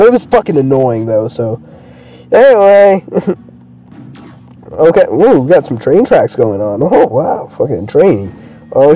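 A young man giving profane, excitable commentary while playing a video game. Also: fairly high pitch, normal speed, faint music behind, low-quality recording. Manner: profane, excitable, swears constantly. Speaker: gameplay streamer. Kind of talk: let's play commentary.

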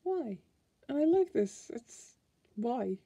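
A woman's voice: sits high, very animated, takes it slowly, dark tone, slightly rough, dry recording. An Irish woman chatting casually as she flips through a card deck, musing aloud and restarting her sentences. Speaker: tarot card reviewer.

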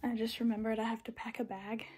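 A woman's voice: fairly high pitch, flat delivery, fast talker, darkish tone, husky, no echo, faint music behind. A teenage girl, chatting in a rambling, filler-heavy way while vlogging into her phone from her car. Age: teens. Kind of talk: casual vlog chat. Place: inside a parked car. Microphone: phone camera.

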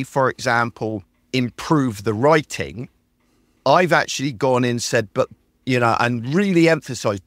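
A man's voice: lowish voice, dry recording, clean studio sound. A British man hosting a podcast, chatting with enthusiasm and acting out the prompts he types to his tools. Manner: enthusiastic, animated, acts out his own typed prompts. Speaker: podcast host. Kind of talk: casual chat.

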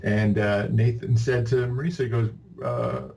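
Fairly low-pitched and at normal speed, a Canadian-born man on a podcast tells long, rambling, casual stories, frequently restarting and quoting conversations animatedly.

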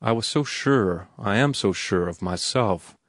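A man's voice: on the low side, unhurried, a bit bright, dry recording, studio quality. A man reading an earnest, blunt young writer. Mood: confident. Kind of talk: audiobook character reading.

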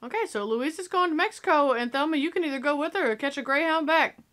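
A young woman hosts a movie reaction, talking back to the screen with sassy, excitable, casual commentary. Her voice sits high and she speaks fast.

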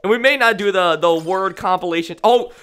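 A man doing live gameplay commentary on a stream, excitable and jokey, jumping from loud yelps to low mumbles. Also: brisk, soft background music. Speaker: gaming streamer.

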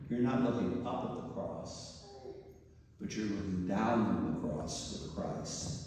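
Slow, deep-voiced priest in an echoing church. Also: male voice, darkish tone. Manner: slow, deliberate and reverent. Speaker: Catholic priest. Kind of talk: sermon and storytelling. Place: large church. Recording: echoey church hall from far off.

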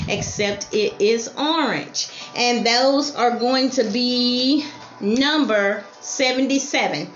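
Woman, jewelry seller on a live stream, slightly high voice, repeats item numbers and calls each piece lovely. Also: a bit bright. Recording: roomy lo-fi stream with faint music.

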